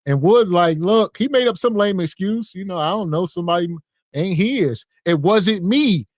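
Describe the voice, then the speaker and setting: Higher-voiced male co-host recapping. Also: moderate pace, darkish tone, no room sound, studio quality. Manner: recounting, retelling quotes. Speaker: podcast co-host. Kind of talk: casual reaction commentary.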